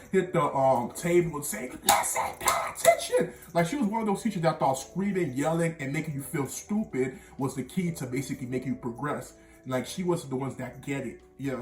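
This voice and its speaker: A young man, a storytime vlogger, telling a personal story in a rambling way, full of fillers and slang. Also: medium pitch. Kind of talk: casual storytelling. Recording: echoey room, mic at a distance, faint music.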